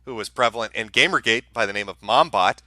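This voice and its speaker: A man's voice: fairly low pitch, fast talker, pushed and bright, no room sound. A man hosting a live stream, giving casual commentary in a sarcastic, profane, ranting way. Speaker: streamer host.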